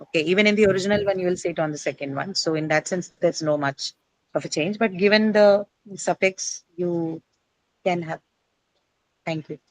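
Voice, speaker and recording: A woman's voice: fairly low pitch, moderate pace, no room sound, rough recording. A woman teaching an English class, quizzing and correcting her students on word stress.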